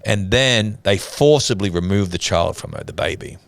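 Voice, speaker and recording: A man's voice: fairly low pitch, normal speed, vocal fry. A middle-aged man co-hosting a church talk show, telling a story dramatically and acting out the quotes. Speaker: church podcast co-host. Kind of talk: casual storytelling chat.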